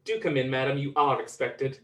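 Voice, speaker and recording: A man's voice: mid-range voice, fairly bright tone, close to an everyday voice. A man doing a stiff, proper English butler. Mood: polite formal. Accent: put-on English. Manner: stiff, courteous, measured. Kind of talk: amateur live script reading.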